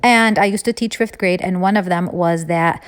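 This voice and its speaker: A woman's voice: lowish voice, moderate pace, clear, resonant tone. A woman, a former teacher, telling a personal story in an earnest, emphatic way and acting out what she and others said. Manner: earnest, emphatic retelling, acting out her own quoted lines.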